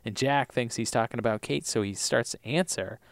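A man's voice: medium pitch, normal speed, gravelly, no echo, studio quality. A man co-hosting a podcast, chatting casually as he recaps TV episodes, laughing often and acting out lines. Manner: animated, laughs often, acts out characters' lines. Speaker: podcast co-host.

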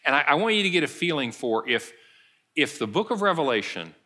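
A man's voice: a little high, big pitch swings, fairly quick, pushed and bright. A middle-aged male pastor preaching a sermon, retelling a story and acting out the quoted lines.

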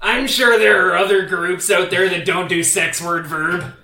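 Mocking, high-voiced man at a game table. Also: fairly even intonation, unhurried, roomy sound, far from the mic. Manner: loud, mocking, swears a lot. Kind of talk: crude casual banter.

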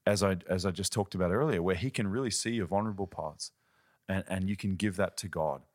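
A man's voice: low-pitched, brisk, dry recording, studio quality. A man, a ministry leader and podcast guest, teaching earnestly in conversation and telling stories. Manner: earnest, storytelling, uses quoted voices.

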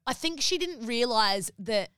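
A woman's voice: fairly high pitch, lively intonation, a bit bright, clear, resonant tone, no room sound, clean studio sound. A young woman co-hosting a podcast, chatting casually and filling her talk with "like". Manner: chatty and fast-talking, full of "like". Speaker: podcast co-host. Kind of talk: casual chat.

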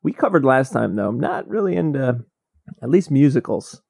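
A comedian co-hosts a loose comedy talk show, tossing out absurd theories in a deadpan tone. His voice sits in a middling pitch. The sound is dry and close. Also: normal speed, vocal fry, breathy edge, dry recording. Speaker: podcast co-host, comedian. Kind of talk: casual comedic chat.

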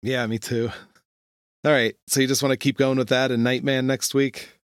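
A man's voice: mid-range voice, little pitch movement, normal speed, clear, resonant tone, dry recording, studio quality. A man in casual conversation, easygoing and asking short follow-up questions. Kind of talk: casual chat.

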